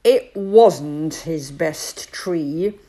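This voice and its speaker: A woman voicing a self-important male owl in a storybook, speaking in a measured, lecturing way. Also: low-pitched, lively intonation, mellow, exaggerated voice. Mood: pompous.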